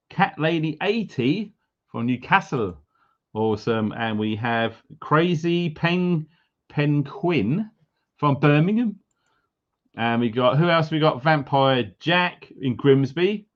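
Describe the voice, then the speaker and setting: A man's voice: fairly high pitch, lively intonation, takes it slowly, pauses often. A middle-aged man from England hosting a casual livestream, chatty and upbeat as he greets viewers with jokey asides. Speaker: livestream host. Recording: slightly dull lo-fi audio.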